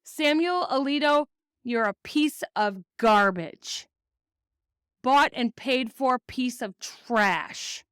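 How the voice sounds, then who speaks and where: A woman's voice: high voice, animated, takes it slowly, a bit bright, smooth, no room sound, studio quality. A woman from the United States hosting a podcast, giving angry political commentary full of swearing and reading news excerpts aloud. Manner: profane, ranting, reads news aloud. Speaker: podcast host.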